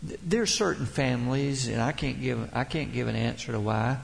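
A man's voice: mid-range voice, brisk, creaky. A man preaching a sermon as pastor, with dramatic swells and drops and emphatic quotations.

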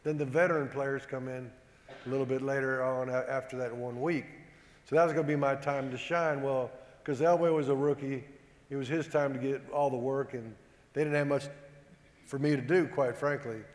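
A man telling a humorous, self-deprecating story to a live audience, animated and acting out the dialogue. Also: medium pitch, normal speed. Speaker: former football player giving a talk. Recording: echoey hall with long reverb.

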